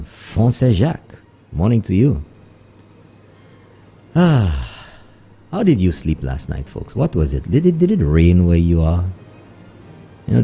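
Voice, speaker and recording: On live morning radio, a Saint Lucian-accented host chats freely, mixes in Creole phrases, and greets listeners by location. His voice sits low, mellow and slightly rough.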